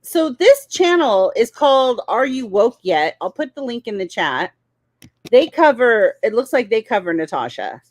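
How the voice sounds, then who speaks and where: A woman's voice: on the high side, big pitch swings, a little slow, no room sound. A woman co-hosting a casual commentary chat, blunt and mocking, laughing often. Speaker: co-host.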